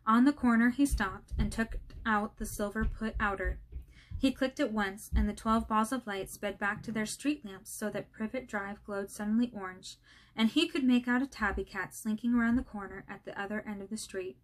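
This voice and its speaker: A woman's voice: mid-range voice, normal speed. Woman reading a storybook aloud. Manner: friendly, apologetic, a little hesitant. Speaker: channel host reading aloud. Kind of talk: casual audiobook reading.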